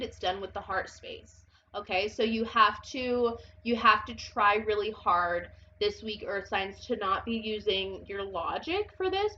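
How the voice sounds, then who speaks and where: A woman's voice: mid-range voice, fairly bright tone, dull audio, slight background noise. A woman giving a casual tarot reading, chatty and blunt, who swears and laughs a lot and sounds a little congested and unwell. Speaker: tarot reader.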